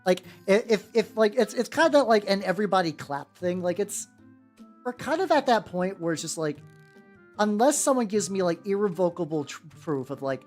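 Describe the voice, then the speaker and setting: A man's voice: sits high, animated, normal speed, faint music behind. A man chatting casually on a live stream while painting miniatures, rambling with many restarts, swearing now and then and greeting viewers as they arrive.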